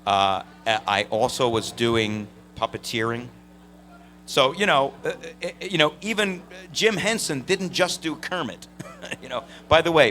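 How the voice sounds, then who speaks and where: A man on a convention panel, telling animated stories full of fillers and laughs. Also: medium pitch, moderate pace. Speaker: voice actor panel guest. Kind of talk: storytelling on a live convention panel.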